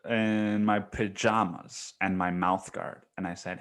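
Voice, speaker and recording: A man's voice: sits low, a little slow, few pauses. A young man hosting a podcast, telling a story in a casual, profane style and calling the listener "dude". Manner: profane, animated, slangy, says "dude" often. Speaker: podcast host.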